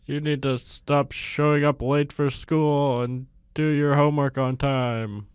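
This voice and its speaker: A man playing Santa in an improv comedy scene, deadpan and flat. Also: mid-range voice, measured pace, clear, resonant tone, no room sound, studio quality, natural voice. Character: deadpan Santa with a shaky put-on voice.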